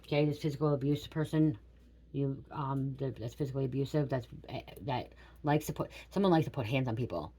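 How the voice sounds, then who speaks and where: A woman's voice: extremely low pitch, fairly quick, warm tone, husky. A middle-aged woman giving a casual spiritual reading to camera. She rambles, swears bluntly and keeps checking in with "okay?". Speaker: tarot reader.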